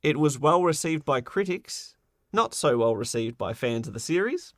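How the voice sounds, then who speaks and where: A man's voice: fairly high pitch, expressive, no echo, studio quality. A man co-hosting a gaming podcast, chatting casually and playfully as he runs through award winners. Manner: playful, jokey, runs through lists quickly. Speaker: podcast co-host.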